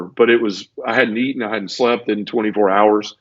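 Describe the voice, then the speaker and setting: Speaking at normal speed in a low, steady tone, a man appears as a podcast guest to give his personal testimony. He gets emotional, repeats himself, and acts out sound effects, on echo-free but dull, lo-fi audio.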